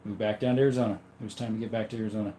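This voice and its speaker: Rambling low-voiced man streaming live. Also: steady tone, racing, dark tone, reverberant, a little hiss or hum. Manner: rambling, reads chat aloud, chuckles. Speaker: livestream host. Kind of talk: casual livestream chat.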